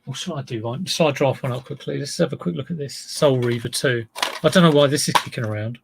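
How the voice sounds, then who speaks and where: A man's voice: mid-range voice, fast, vocal fry, noisy background. A middle-aged man chatting casually on a livestream as a reseller, rambling and self-deprecating.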